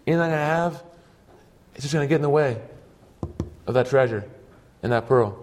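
A man's voice: medium pitch, normal speed, a little mellow, slight background noise. Guy preaching a sermon, earnest, talks in short punchy bits. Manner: earnest storytelling, speaks in short emphatic phrases.

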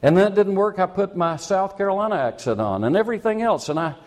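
A male preacher with a high-pitched, animated, quick voice, slightly raised and swooping up and down. His sermon includes a story from his own life told in a chatty, self-mocking way, and he often chuckles at his own jokes before turning to the lesson.

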